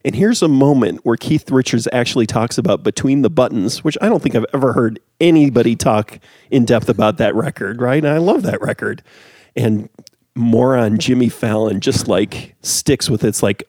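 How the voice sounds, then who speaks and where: Low-voiced man on a heated rant. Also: normal speed, a little mellow, dry recording, clean studio sound. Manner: heated, ranting and self-deprecating. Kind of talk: casual chat.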